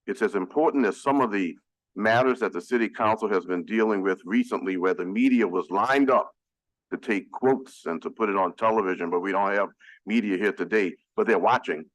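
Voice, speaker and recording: A man speaking as a city council member, addressing the chamber in an earnest, emphatic, measured way. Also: fairly low pitch, no echo, rough recording. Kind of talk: formal public speech at a council meeting.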